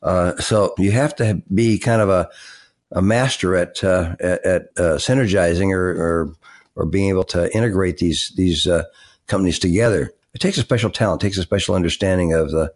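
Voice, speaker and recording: Very low-voiced older man, halting. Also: darkish tone. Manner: halting, many restarts and fillers. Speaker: guest, tech executive and author. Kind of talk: interview answers.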